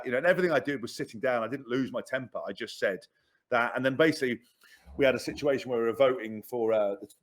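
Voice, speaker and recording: A man in his thirties, a podcast guest telling candid stories in a blunt, sweary way, often repeating words. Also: medium pitch. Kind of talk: candid storytelling.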